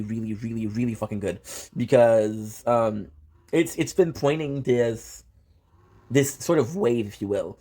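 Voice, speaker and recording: Man, warm relaxed voice, casual reaction talk, excitable, cursing, lots of ums. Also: mid-range voice. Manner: excitable, swears often, many fillers and restarts. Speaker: manga reviewer.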